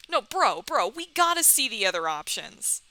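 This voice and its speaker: A young woman commentating on a dating game she is playing, giggly, sarcastic and expressive. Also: fairly high pitch, normal speed, no room sound, low-quality recording. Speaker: let's-play host. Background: faint music.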